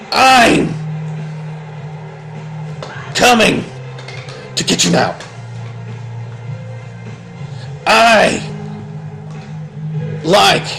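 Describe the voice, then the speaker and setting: A man's voice: fairly high pitch, rough recording. A man giving a blunt, opinionated spoken review of a wrestling show, rambling and restarting his sentences.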